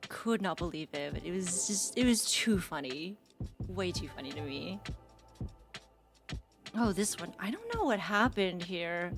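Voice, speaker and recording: A woman's voice: lowish voice, very animated, measured pace, over music. A young woman streamer chatting casually, goofy and giggly, laughing at herself. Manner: giggly, goofy, self-mocking. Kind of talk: casual chat.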